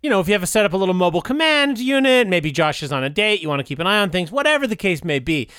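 A man co-hosting a comedy talk show, riffing with animated banter and slipping into silly voices. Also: high voice, racing, smooth, dry recording, studio quality. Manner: animated, jokey, slips into silly put-on voices. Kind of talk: comedic live-reaction banter.

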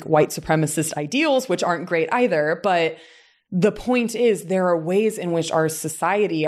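Woman from Southern Indiana, lowish voice, reflective, casual chat, frequent restarts. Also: a little mellow. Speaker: teacher and voice coach. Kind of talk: casual conversation.

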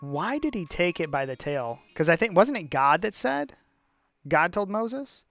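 A man's voice: sits high, very animated, measured pace, a bit bright, dry recording, faint music behind. A man co-hosting a casual Bible discussion, musing and asking questions aloud with many restarts. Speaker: co-host.

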